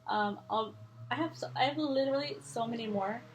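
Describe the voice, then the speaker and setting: A young woman tells her story in a loose, rambling way, full of fillers, swearing and acted-out quotes. Her voice sits a little high. A faint hum runs under the recording. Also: a little fast. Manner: rambling, animated, swears freely, acts out quotes. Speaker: vlogger. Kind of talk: casual storytelling to camera.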